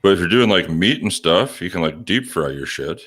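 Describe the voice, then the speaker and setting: A man's voice: deep voice, expressive, normal speed, a bit bright. A man in a casual podcast chat, blunt and emphatic, swearing often.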